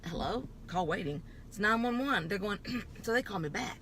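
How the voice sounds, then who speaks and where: A woman telling a dramatic personal story in a lively way while driving, laughing often and acting out the voices of other people. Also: medium pitch, moderate pace, slight background noise. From Texas. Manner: animated, laughs often, acts out voices in quotes. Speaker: vlogger. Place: in a car.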